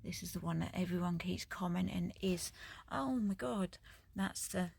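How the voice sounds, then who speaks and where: A woman, chatting casually to stray kittens and cooing at them in a high sing-song voice. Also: fairly even intonation, a little slow, vocal fry, darkish tone, slightly rough. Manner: coos and sing-songs to the kittens in high pitched baby talk. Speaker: vlogger. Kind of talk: casual chat to stray cats.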